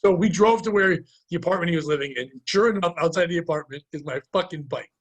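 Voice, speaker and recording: A man's voice: on the high side, fast. A middle-aged man from Connecticut, a podcast host, telling a rambling, profane childhood story in casual chat. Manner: rambling, profane, animated retelling.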